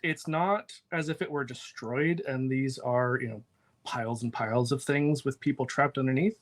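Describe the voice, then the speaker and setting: A game master narrating a superhero tabletop game, laughing often and pausing with fillers while describing scenes. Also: medium pitch.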